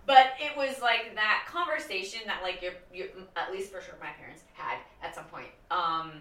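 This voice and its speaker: A woman's voice: medium pitch, moderate pace, fairly bright tone, far from the mic. A young woman co-hosting a podcast, rambling casually with many restarts. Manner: rambling, restarts, laughs while talking. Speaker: podcast co-host. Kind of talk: casual chat. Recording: echoey room, off-mic.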